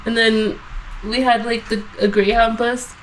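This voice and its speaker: A woman's voice: on the high side, little pitch movement, a little slow, slight background noise, poor audio. A woman casually telling a story on a podcast, swearing a lot and acting out quotes. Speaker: podcast co-host.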